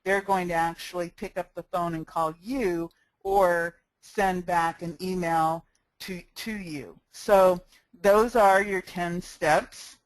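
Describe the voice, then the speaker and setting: Woman instructor, low-pitched, unhurried, dry close headset sound, practical and smiling. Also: steady tone, no echo, rough recording. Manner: friendly, practical, talks with a smile. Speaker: sales marketing instructor. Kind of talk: step-by-step screencast tutorial. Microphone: cheap headset microphone.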